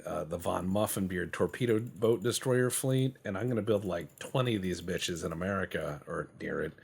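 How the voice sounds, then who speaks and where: Playing a strategy game, a low-pitched streamer with vocal fry and a breathy edge keeps up a casual commentary. He rambles, jokes and swears in playful banter.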